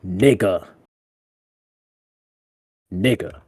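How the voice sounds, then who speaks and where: A man's voice: drawn-out words, breathy edge, dry recording. Male podcast co-host, casual and slangy, swears freely, laughs a lot, dry studio sound. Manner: loose, slangy and profane, laughing often; animated, with big jumps in pitch when telling stories. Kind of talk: casual podcast chat giving dating advice.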